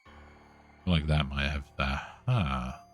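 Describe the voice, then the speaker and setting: A man's voice: rumbling low, slow, soft background music. A man streaming a horror game live, reading game text aloud with swearing and self-mocking jokes.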